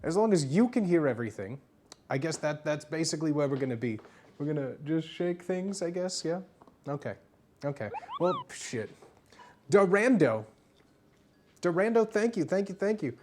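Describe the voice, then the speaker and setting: A tipsy livestreamer chatting casually with viewers from home, breaking into loud excited yelps and shouts. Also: medium pitch, normal speed, noisy background. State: tipsy from drinking. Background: music playing.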